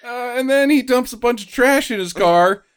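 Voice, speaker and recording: A man's voice: very high voice, moderate pace, clean tone. A man co-hosting a casual movie-review chat, giggling often as he retells scenes with joking asides. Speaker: podcast co-host.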